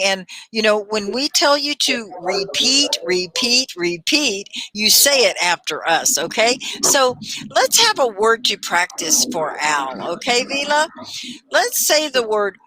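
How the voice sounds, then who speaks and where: A woman hosting a live online English class, upbeat and encouraging, laughing often and repeating words slowly and clearly. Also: mid-range voice, sing-song, bright, forceful tone, low-quality recording. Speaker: ESL teacher and livestream host.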